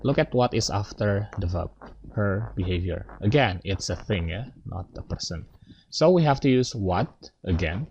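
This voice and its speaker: A man's voice: fairly low pitch, expressive, moderate pace, a little mellow, muffled recording, slight background noise. A man teaching an English grammar lesson, explaining step by step and checking in with his students.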